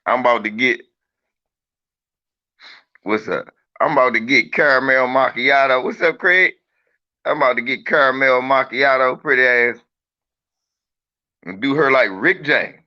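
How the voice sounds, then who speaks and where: Brash, bright-voiced man streaming. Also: medium pitch, unhurried, pauses often, highs cut off. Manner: brash, profane, joking, teasing viewers. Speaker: livestreamer talking to viewers. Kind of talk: casual livestream chat.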